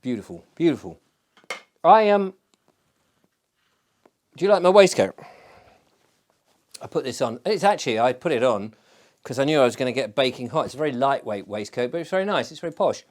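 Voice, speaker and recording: A man's voice: mid-range voice, lively intonation, brisk, long pauses. Rambling Englishman chatting over his pipe. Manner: rambling, self-mocking, digressive. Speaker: show host. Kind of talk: casual solo chat.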